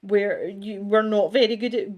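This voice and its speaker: A woman's voice: mid-range voice, fairly even intonation, normal speed, a little mellow. A middle-aged Scottish woman hosting an art livestream from her home studio, chatting casually and self-deprecatingly, laughing often and restarting her sentences. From Scotland. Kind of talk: casual livestream chat reading viewer comments.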